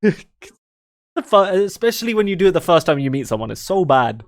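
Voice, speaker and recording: A man's voice: sits high, sing-song, moderate pace. A British man co-hosting a podcast in casual chat, telling stories with laughs and acted-out voices. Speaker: podcast co-host.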